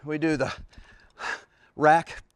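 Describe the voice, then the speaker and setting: A man's voice: fairly high pitch, level tone, slow, clear, resonant tone, dry recording, studio quality. A man in his forties, a fitness coach, talking casually while demonstrating heavy carrying exercises outdoors, out of breath, grunting and sighing with effort between sentences. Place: outdoors in a backyard.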